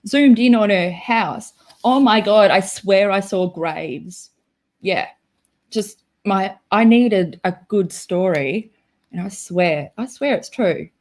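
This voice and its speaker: A woman's voice: mid-range voice, expressive, slow, darkish tone. A young Australian woman hosting a casual livestream, chatty and self-deprecating as she reacts to her chat. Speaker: livestream host.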